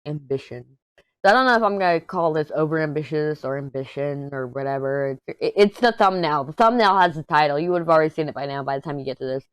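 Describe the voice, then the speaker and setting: A low-pitched woman talks through her crafting vlog in a hoarse, tired voice. She rambles and pokes fun at herself with little energy. The sound is dry and close. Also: expressive, fast talker, dry recording. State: hoarse, worn out. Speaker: crafting YouTuber. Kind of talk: casual chat while diamond painting.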